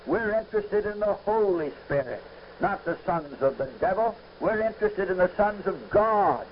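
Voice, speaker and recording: A man's voice: sits high, muffled recording, slight background noise. A man preaching a fervent radio sermon with a repetitive preaching cadence, on an old radio broadcast.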